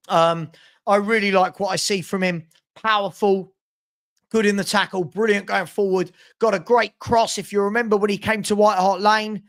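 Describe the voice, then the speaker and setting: Gravelly London man hosting live football chat. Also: high voice, a bit bright. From South London. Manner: blunt, repetitive, scolding chat commenters. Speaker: live show host.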